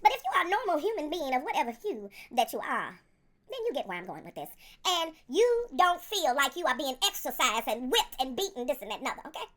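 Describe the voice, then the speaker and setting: A woman giving a casual review in a profane, sassy, animated storytelling manner. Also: high-pitched, a little fast. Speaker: video reviewer.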